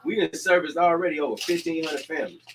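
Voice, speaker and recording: Energetic man rallying his community. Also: fairly high pitch, fast, a little hiss or hum, poor audio. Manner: preacher-like repetition, energetic calls to action. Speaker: community organizer and show host. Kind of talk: casual community announcements.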